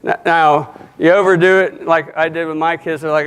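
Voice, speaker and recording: A man's voice: on the high side, fairly even intonation, normal speed, vocal fry, hardly any pauses, fairly bright tone, a little hiss or hum. A middle-aged man speaking at a conference, folksy and joking, acting out short dialogues as he talks. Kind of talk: motivational talk to an audience. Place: conference hall.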